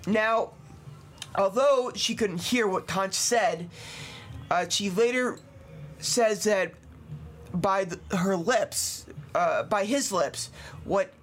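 A man's voice: sits high, slow pace, long pauses, a bit bright, soft background music. A man hosting a casual podcast, retelling a true crime story with lots of fillers and laughs. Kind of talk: casual chat.

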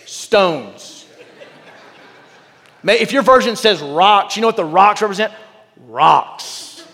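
A man's voice: high voice, quick pace, bright, forceful tone, in a large hall. A pastor preaching a sermon. He reads scripture aloud and breaks off into candid, joking asides. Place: large church with a balcony.

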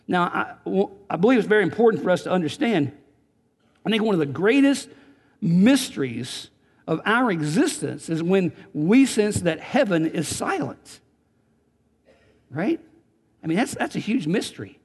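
A man's voice: high voice, very animated, normal speed, slightly rough. A man preaching a sermon in a church, earnest, often repeating and restarting words as he presses his points. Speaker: pastor. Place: church sanctuary. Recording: church sanctuary with long reverb.

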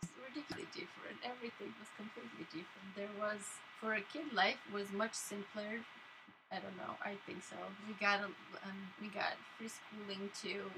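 Bulgarian-born woman chatting slow and soft on a podcast, noticeable noise behind her. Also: medium pitch, fairly even intonation. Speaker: podcast guest, artist. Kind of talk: casual conversation. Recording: noisy background.

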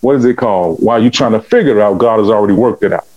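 Fast-talking man preaching his testimony. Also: highs cut off. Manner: animated, acts out dialogue with big pitch swings; fervent and preaching. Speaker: guest telling his life story. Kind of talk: emotional testimony storytelling.

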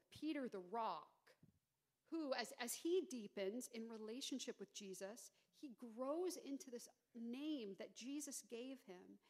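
A middle-aged woman pastor delivers a sermon in a high voice. She retells the story with animated, dramatic emphasis, slowing for the tense moments.

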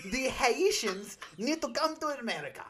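Casting: man doing a lively, chatty fake-Scottish monologue that keeps slipping accents. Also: high-pitched, moderate pace, a little hiss or hum. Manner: wobbly put-on accent that drifts. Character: chatty valley-girl speech done in a failed Scottish accent. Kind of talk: comic monologue reading.

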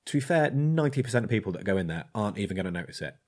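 A blacksmith telling a rambling, hesitant story in casual chat. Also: male voice, lowish voice, big pitch swings, racing, a little mellow. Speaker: blacksmith and podcast co-host.

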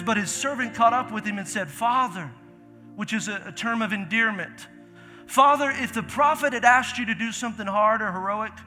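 High-voiced pastor preaching in a hall. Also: male voice, sharp tone. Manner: conversational preaching, emphatic repetition. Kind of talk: sermon. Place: church sanctuary. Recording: church hall reverb with faint music.

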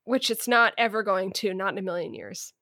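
A woman co-hosting a podcast, giving firm opinions in a halting, deliberate way. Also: mid-range voice, pushed and bright, no room sound, clean studio sound. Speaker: podcast co-host. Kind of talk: casual book discussion.

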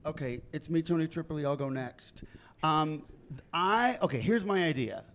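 A man judging a comedian's set, giving playful, teasing notes with quick asides. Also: a little high, lively intonation, a bit bright, slight background noise. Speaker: comedy judge. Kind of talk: lively critique of a comedian.

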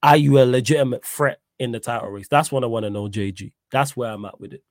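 A man hosting a casual football live stream, energetic and slangy, shouting out viewers. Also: medium pitch, quick pace, no echo, clean studio sound.

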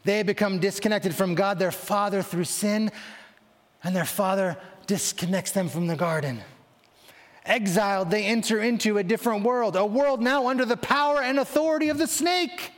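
A man with a high voice delivers a sermon, shifting into dramatic voices for the people in his story. His words ring out with a long reverb, as in a large hall. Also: moderate pace. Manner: dramatic, voicing biblical figures in quotes. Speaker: preacher.

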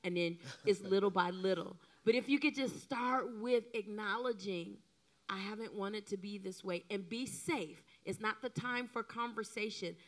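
A middle-aged woman co-preaching a sermon in an animated, emotional way, often acting out the lines she quotes. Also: medium pitch, moderate pace. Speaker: co-pastor.

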